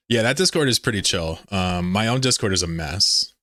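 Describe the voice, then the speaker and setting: A man's voice: on the low side, bright, forceful tone, dry recording, studio quality. A man hosting a casual livestream, rambling, laughing often and reading chat messages aloud. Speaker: livestream host.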